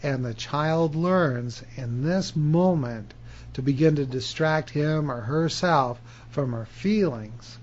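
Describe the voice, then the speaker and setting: A man with a slightly raised voice talks straight to camera as a self-help author. His telling is animated and emphatic. The sound is dull and lo-fi. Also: on the high side, takes it slowly, a little hiss or hum. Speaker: author and hypnotherapy teacher. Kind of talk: self-help video monologue.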